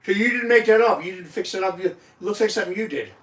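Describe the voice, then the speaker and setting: A man's voice: high-pitched, quick pace, fairly bright tone. A man hosting a casual chat, emotional, profane and insistently repeating himself. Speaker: host. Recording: echoey room, mic at a distance.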